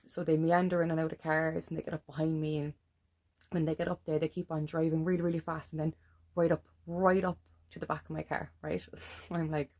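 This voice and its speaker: Gravelly low-voiced Irish woman ranting. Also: level tone, brisk, a little mellow. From Ireland. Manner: blunt, swears freely, keeps adding "right?". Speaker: vlogger. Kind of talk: ranting monologue to camera.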